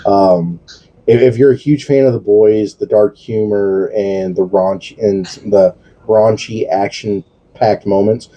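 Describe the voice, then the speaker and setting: A man's voice: lowish voice, steady tone, slow, highs cut off. A man co-hosting a podcast in casual chat, rambling and swearing, with lots of fillers and restarts. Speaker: podcast co-host.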